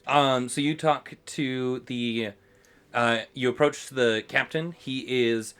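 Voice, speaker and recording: A man's voice: mid-range voice, fairly even intonation, takes it slowly, fairly bright tone, clean tone. A man narrating as game master of a tabletop game, hesitant with many fillers.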